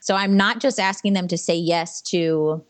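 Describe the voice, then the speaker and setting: A chatty woman photographer talks through her work in an easy, unscripted way, leaning on "you know" and quick restarts. Her voice sits a little low, and the sound is close and dry with no room around it. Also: dry recording. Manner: chatty, frequent fillers and restarts, laughs easily. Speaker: wedding and portrait photographer, guest. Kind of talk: casual interview answers.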